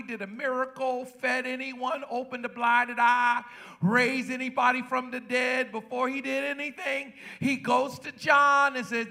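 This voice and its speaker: A pastor preaching a sermon to his congregation. He calls out to the crowd and builds up into shouts. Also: very high-pitched, steady tone, unhurried, creaky. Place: church.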